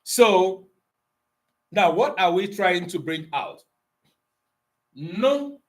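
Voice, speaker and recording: A man's voice: sits high, big pitch swings. A man with an Igbo accent teaching an Igbo language class, explaining patiently and asking his students questions. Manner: explains slowly, switching between Igbo and English, quizzing students.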